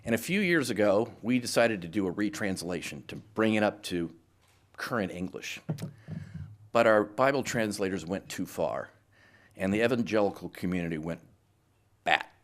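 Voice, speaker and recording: A middle-aged man speaking as a guest to a live audience, telling lively stories and acting out both sides of conversations. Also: fairly low pitch, moderate pace. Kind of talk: anecdotal speech to a live audience.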